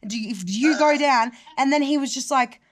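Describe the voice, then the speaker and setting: Young aussie woman ranting a story, lots of swearing, kinda high voice. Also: normal speed. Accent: Australian. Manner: animated, sweary, quotes people in other voices. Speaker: vlogger. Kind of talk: casual storytelling.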